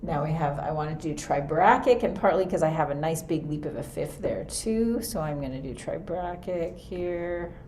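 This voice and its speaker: A woman's voice: sits low, moderate pace, few pauses, a little mellow, a little hiss or hum. Woman music teacher, casual think-aloud lesson, computer mic. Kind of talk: screen-recorded lesson. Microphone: computer mic for a screen recording.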